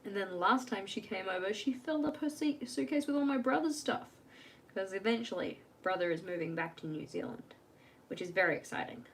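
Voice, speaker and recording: A woman's voice: medium pitch, expressive, fairly quick, slight background noise. A young woman chatting casually on a live stream from home while she works on her journal, rambling and laughing at herself.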